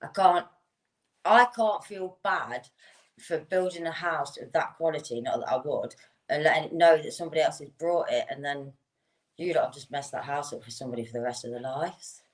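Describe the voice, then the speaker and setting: A woman's voice: deep voice, moderate pace. Blunt, laughing woman bricklayer. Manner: blunt, laughs often, tells anecdotes. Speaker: guest bricklayer. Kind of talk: casual chat.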